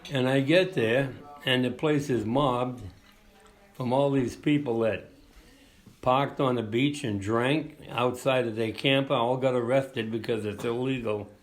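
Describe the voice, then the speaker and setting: A man being interviewed, telling a casual anecdote in blunt, plainspoken talk with informal grammar and quick voices for the people he quotes. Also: medium pitch. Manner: quotes others by slipping into their voices.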